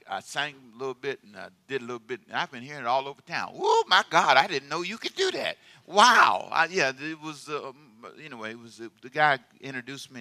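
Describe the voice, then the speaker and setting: A man preaching a sermon as pastor, talking in a rambling, self-deprecating way that swings from quiet asides to sudden loud bursts. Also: medium pitch, no room sound.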